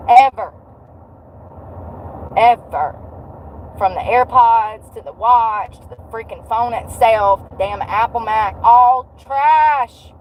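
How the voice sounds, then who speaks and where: A woman's voice: fairly high pitch, slow, muffled recording, slight background noise. A woman around forty, venting in a blunt, sarcastic, profane vlog rant while out walking. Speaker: vlogger.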